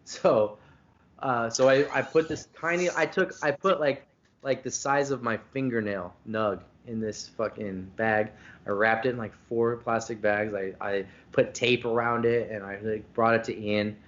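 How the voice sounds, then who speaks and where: A man's voice: mid-range voice, fairly even intonation, a little slow, lo-fi sound. Profane rambling man telling a story. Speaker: podcast host. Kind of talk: casual storytelling chat. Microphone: video call.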